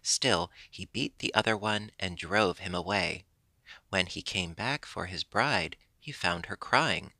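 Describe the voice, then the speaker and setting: Gravelly man reading a storybook. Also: deep voice, a little slow, sharp tone, no echo. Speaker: audiobook narrator.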